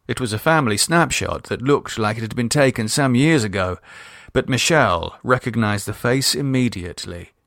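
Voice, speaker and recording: A man reading an audiobook aloud in an expressive storytelling manner. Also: on the low side, dry recording, studio quality. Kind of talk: scripted audiobook narration.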